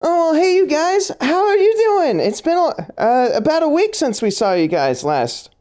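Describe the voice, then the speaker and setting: A man's voice: very high-pitched, big pitch swings, normal speed, a little mellow, voice pushed up. A man voicing a cheery young female cave raider, bubbly and friendly.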